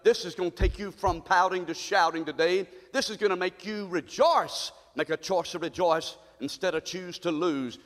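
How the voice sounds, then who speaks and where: A man preaching a sermon as pastor, calling out to the congregation and building to shouts. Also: high-pitched, moderate pace, big-room sound. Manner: call-and-response preaching, rising to shouts. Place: church sanctuary.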